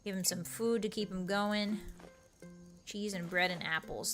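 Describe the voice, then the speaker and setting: A woman streamer giving excitable, casual commentary while playing a game, bursting into exclamations and now and then slipping into playful pirate talk. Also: medium pitch, unhurried, soft background music.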